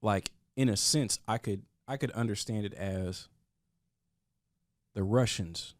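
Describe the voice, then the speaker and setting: A man's voice: lowish voice, unhurried, no room sound, clean studio sound. A man talking earnestly in a casual podcast discussion, often restarting his sentences. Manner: earnest, with frequent restarts and stammers.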